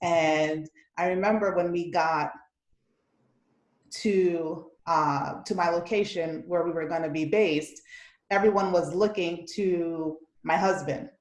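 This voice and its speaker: Female panelist, measured and slightly low, echoey room sound. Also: steady tone. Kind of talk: recounting experiences in a panel talk. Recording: roomy echo.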